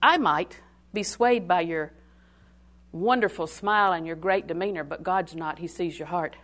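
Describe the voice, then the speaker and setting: An older woman preaching a sermon in a call-and-response style, swinging from loud declarations to hushed asides. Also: fairly low pitch, moderate pace.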